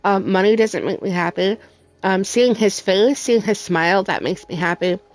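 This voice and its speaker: A woman's voice: mid-range voice, moderate pace, no echo. Heartfelt rambling woman gamer. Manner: emotional, heartfelt, rambling with many fillers. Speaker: gaming streamer. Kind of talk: casual chat while playing. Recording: faint music in background.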